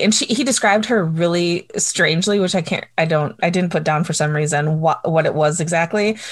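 Woman with lowish voice chatting about a tv episode, rambly, nervous giggles. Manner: nervous laughter, rambling restarts. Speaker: co-host. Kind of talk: casual TV recap chat.

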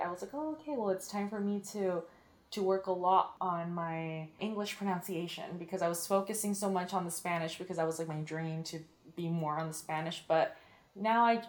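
A young woman of Mexican-American background who works in radio and TV, answering interview questions in a chatty way and filling her talk with "like". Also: fairly low pitch. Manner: chatty, fills with "like", acts out quoted lines. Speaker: radio and TV media personality, guest.

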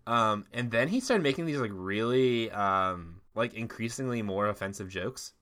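A man's voice: on the low side, animated, moderate pace, a bit bright. A man co-hosting a podcast, telling a long story in casual chat, full of fillers and laughs. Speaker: podcast co-host.

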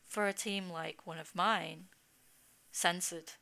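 Woman podcast guest, bright and crisp voice, chatty and self-deprecating. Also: fairly low pitch, fairly even intonation, slow pace. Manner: chatty, self-mocking, laughs often. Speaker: guest, game producer. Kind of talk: casual podcast chat.

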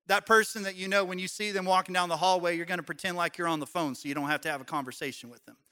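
In a church sanctuary, a pastor preaches a sermon in a conversational way, joking with the congregation. His voice is a little high with a sharp tone.

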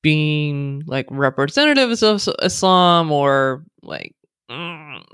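A woman's voice: low voice, expressive, takes it slowly, a bit bright, clear, resonant tone, no room sound, studio quality. An American woman speaking as a podcast guest, chatty and sarcastic, often laughing as she talks. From United States. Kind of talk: casual podcast interview.

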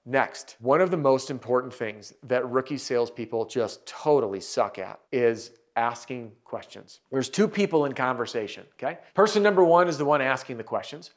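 Brief: male sales trainer, mid-pitched, energetic and emphatic, talking straight to camera. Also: moderate pace, few pauses. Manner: energetic, emphatic, coaching the viewer directly. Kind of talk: instructional coaching talk to camera.

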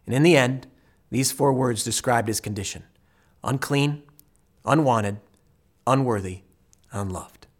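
A man preaching as pastor, retelling a story with vivid dramatic delivery and sudden swings from quiet to loud. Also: mid-range voice, normal speed. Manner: dramatic storytelling, acting out voices with big swings in loudness. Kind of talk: sermon.

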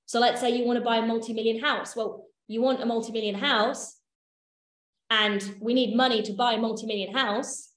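A woman's voice: a little high, fairly even intonation, moderate pace, fairly bright tone. Chatty woman teaching in an echoey room. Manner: chatty, swears casually, checks in with listeners. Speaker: workshop leader. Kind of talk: casual teaching talk.

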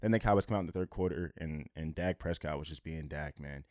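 A young man co-hosting a casual sports betting chat, excitable, swearing and repeating himself. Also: rumbling low, fast talker, no echo, clean studio sound. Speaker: sports podcast co-host.

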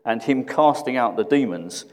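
A man preaching a sermon in a reflective way, often repeating questions and dropping to a hush. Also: mid-range voice, expressive, normal speed, big-room sound.

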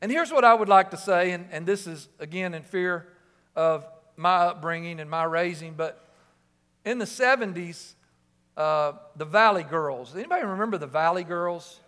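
A man in his fifties preaching a sermon in a church, impassioned, rising to shouts on key lines. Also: high-pitched, normal speed. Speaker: pastor. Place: church sanctuary. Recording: reverberant church hall.

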